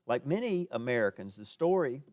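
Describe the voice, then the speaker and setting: A man's voice: mid-range voice, sing-song, brisk, darkish tone. Folksy Southern man giving a lecture. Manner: folksy, self-deprecating, chuckling asides. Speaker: park ranger. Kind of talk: public history lecture. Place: lecture room with live audience.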